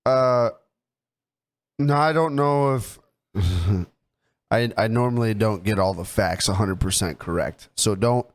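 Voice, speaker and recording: His voice is fairly low-pitched and slow; he's a podcast co-host in his thirties. Between loose explanations, he keeps up casual banter with his best friend, teasing, joking, and mocking him with put-on voices.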